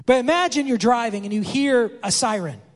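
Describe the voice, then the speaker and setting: Man, pastor, conversational sermon, acts out quoted lines, very high pitch, echoing church. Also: animated, brisk. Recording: long hall reverb.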